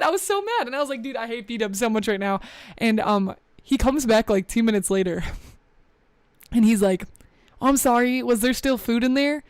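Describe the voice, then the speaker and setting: A young woman hosts her live stream in a relaxed, rambling way, reading the chat aloud and laughing often. Her voice is smooth and clear, and it sounds a little out of breath. The sound is close and dry, with no room echo. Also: on the high side, moderate pace. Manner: chatty, scattered, reads chat aloud. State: a bit out of breath. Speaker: VTuber streamer.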